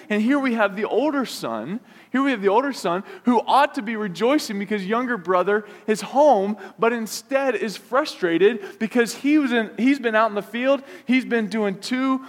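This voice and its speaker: A man preaching a sermon, retelling a story with lively asides and acting out the characters' complaints. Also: very high voice, normal speed, few pauses. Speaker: pastor. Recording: long hall reverb.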